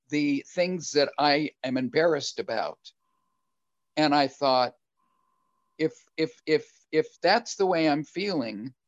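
An older man answers questions at a recovery meeting, speaking slowly and earnestly. He pauses and restarts as he thinks, in an even middle voice. The recording is dry and dull, with a lo-fi sound. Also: fairly high pitch, no room sound. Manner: earnest, reflective, halting. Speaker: guest speaker.

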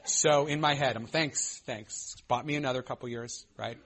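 Man, thirties, recovery-meeting testimony; candid, self-mocking, halting with fillers, mid-range voice. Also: mid-range voice, fairly even intonation, a bit bright. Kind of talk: personal testimony share.

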